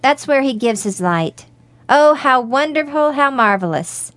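A woman's voice: high-pitched, animated, unhurried, fairly bright tone, no echo, pitched above the performer's own voice. A woman voicing a joyful, humble young male friar in a read-aloud story, exclaiming with delight. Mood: overjoyed. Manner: exclaiming, overjoyed.

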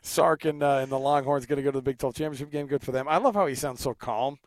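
A man co-hosting a casual sports talk show, animated and jokey, on a close studio mic. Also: mid-range voice, fast talker, no echo. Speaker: sports radio co-host.

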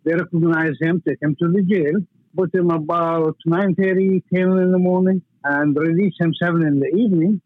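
A man's voice: high-pitched, husky, dry recording. A store owner, native speaker of Arabic, tells over the phone how he fought off a robber, chuckling as he speaks in broken English. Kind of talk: phone interview, recounting a story. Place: his shop. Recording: tinny phone line.

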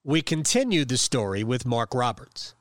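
A man's voice: mid-range voice, sing-song, normal speed, no echo, studio quality. A man hosting a podcast, narrating scripted links between interview clips. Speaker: podcast host.

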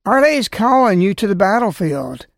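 A man's voice: high-pitched, big pitch swings, a little fast, vocal fry, dry recording, studio quality. A man giving a scolding religious talk, full of rhetorical questions and warnings. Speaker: religious speaker. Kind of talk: preaching talk.

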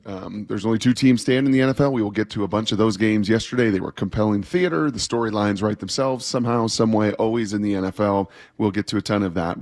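A man's voice: fairly low pitch, darkish tone. A man hosting a sports radio morning show, chatting and telling stories with easy laughs. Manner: chatty storyteller, laughs easily. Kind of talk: casual morning radio chat.

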